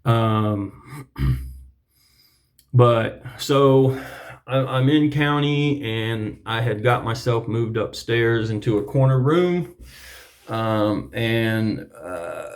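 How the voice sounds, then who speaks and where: A preacher telling his personal testimony in an earnest, reflective way, often pausing to clear his throat. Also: mid-range voice, animated.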